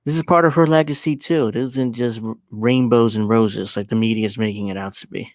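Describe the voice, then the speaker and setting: A man's voice: mid-range voice, steady tone, brisk, dry recording. A young man hosting his show, casually commenting on clips in a mocking, profane way and laughing often. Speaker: host.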